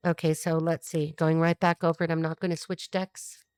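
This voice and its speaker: A woman's voice: sits low, normal speed, clear, resonant tone, no echo, clean studio sound. A woman giving a casual tarot reading, blunt and profane, tossing off wisecracks and jumping from thought to thought. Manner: animated, jumps between thoughts. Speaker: tarot reader.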